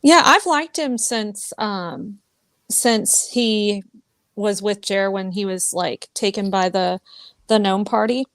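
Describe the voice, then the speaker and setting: An easygoing woman co-hosting a book chat, musing aloud with a relaxed, unhurried flow. Her voice is mid-pitched and dry, recorded close with no room echo. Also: clear, resonant tone. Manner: easygoing, thinking aloud with fillers.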